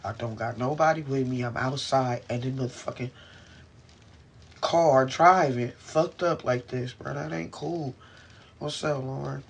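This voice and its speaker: A man's voice: medium pitch, a little slow, gravelly, slightly rough. A man venting into his camera in a rambling, profane, frustrated way while in pain, speaking from inside a car. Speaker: vlogger.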